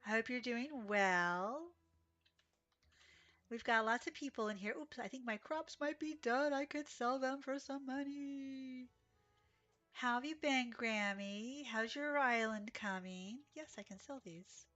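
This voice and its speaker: A woman's voice: a little high, measured pace, a bit bright, highs cut off, soft background music. A woman live-streaming a horse game, chatting casually with viewers, sleepy and yawning, with little gasps and exclamations. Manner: chatty, reads chat aloud, gasps and exclaims.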